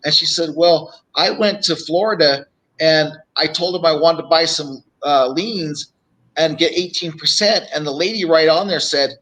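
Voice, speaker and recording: A man's voice: on the high side, moderate pace, bright, forceful tone, low-quality recording. A middle-aged man, a real estate coach, telling stories on a live show and acting out phone calls as he goes. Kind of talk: live show guest storytelling.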